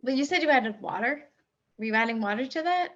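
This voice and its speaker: A woman's voice: high-pitched, animated, fast, highs cut off, a little hiss or hum. A woman co-hosting a show in casual chat, friendly with short agreeing replies. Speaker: co-host.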